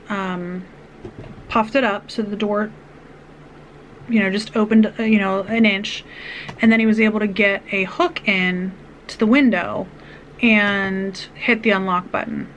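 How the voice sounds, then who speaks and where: Speaking at a middle pitch with fairly even intonation and a measured pace, a woman vlogger recounts a personal story in an earnest, meandering way full of restarts and side comments. The recording is low quality, and a faint hiss runs underneath.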